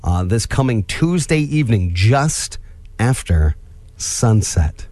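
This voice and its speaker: A man's voice: fairly low pitch, big pitch swings, slow, darkish tone, no room sound. Joking, rambling male radio co-host. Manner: rambling, joking, trails off with fillers. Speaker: radio morning show co-host. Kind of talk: casual radio banter. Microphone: studio microphone.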